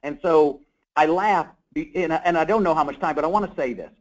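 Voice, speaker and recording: A high-pitched man talks with lively energy, acting out each quoted line in his story. He is a guest author on a call. The sound is dull and lo-fi, as a call tends to be. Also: brisk. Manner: energetic, acts out quoted dialogue. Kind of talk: animated storytelling interview. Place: call or webinar.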